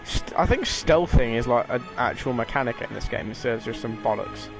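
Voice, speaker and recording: Young streamer, sweary and chatty, lively pitch, game music under. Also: male voice, fairly quick, vocal fry, rough recording. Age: young adult. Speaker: gaming streamer. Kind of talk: casual let's-play commentary.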